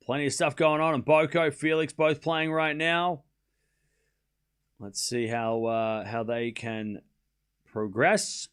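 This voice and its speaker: A man hosting a live tennis watchalong stream, calling each rally shot by shot and chatting with his viewers in an excitable way. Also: medium pitch, slow, long pauses, clear, resonant tone. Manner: excitable, calls rallies shot by shot and talks to chat. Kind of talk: live play-by-play commentary and chat.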